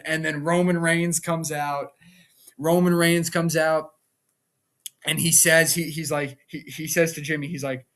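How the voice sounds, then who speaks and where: Excitable young man recapping wrestling. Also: unhurried. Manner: rambling, repeats words, acts out quotes with sudden jumps in pitch. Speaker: wrestling reaction vlogger. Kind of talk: casual recap.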